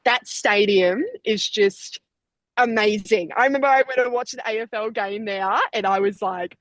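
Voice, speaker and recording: A young Australian woman in her twenties, chatting casually as an athlete guest, quick and talkative with frequent laughter. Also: mid-range voice, fairly bright tone, dry recording, low-quality recording. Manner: chatty, laughs often, fast bursts. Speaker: Olympic sprinter, guest. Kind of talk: casual interview chat.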